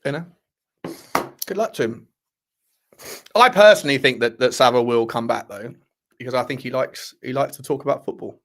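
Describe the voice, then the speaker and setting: A man's voice: medium pitch, normal speed, long pauses. Chatty man hosting a live chat. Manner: chatty, rambling, laughs often, banter with viewers. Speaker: livestream host reading chat.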